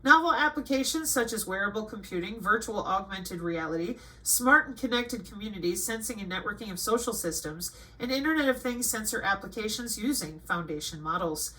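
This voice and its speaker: Sharp-voiced woman, reading and scolding. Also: mid-range voice, fairly quick, few pauses, rough recording. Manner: scolding and sarcastic, jumping between flat reading and emphatic outbursts. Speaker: channel host. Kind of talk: reading a list aloud with ranting commentary.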